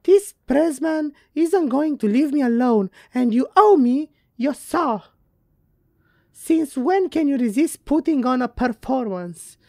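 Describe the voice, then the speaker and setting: Woman doing a shrill, frantic letter-writing woman. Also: lively intonation, slow pace, darkish tone, dry recording, clean studio sound, heavily acted. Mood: theatrical. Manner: shrill, theatrical, over the top. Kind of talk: reading a game letter aloud in a voice.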